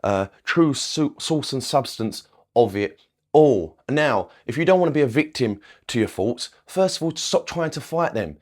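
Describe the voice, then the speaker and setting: A man's voice: medium pitch, expressive, a little slow, darkish tone. Man talking as a rambling spiritual coach. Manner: rambling, repeats itself, checks in with "okay?", swears casually. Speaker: manifestation coach. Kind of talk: casual spiritual teaching to camera.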